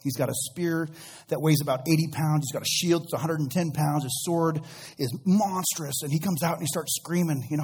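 A man's voice: a little high, fairly quick, a little mellow, breathy edge. A man preaching a sermon as pastor, retelling a Bible story conversationally with acted-out quotes and casual slang.

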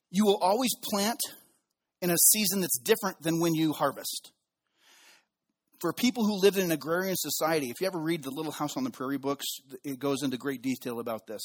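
A man preaching a sermon with a slightly high, husky voice. He tells stories animatedly, jumping up in pitch for the quoted voices and sinking to soft, quiet asides. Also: animated, normal speed. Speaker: pastor.

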